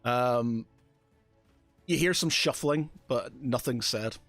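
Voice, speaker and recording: A man's voice: medium pitch, takes it slowly, fairly bright tone, no room sound, soft background music. A man narrating a tabletop game as game master, hesitant and filling his talk with "sort of kinda".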